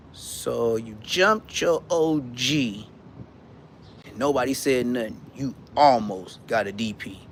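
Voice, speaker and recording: A man on a casual rant to his online audience, his voice pitched a bit high and swinging up and down with lively energy. He repeats himself and talks in loose street slang. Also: slight background noise.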